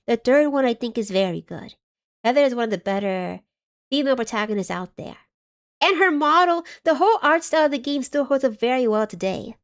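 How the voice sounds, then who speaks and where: A woman streamer with a fairly high voice that swings widely up and down. She talks in a loose, scattered way and giggles often. She reads chat aloud while she plays. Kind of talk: casual live game commentary.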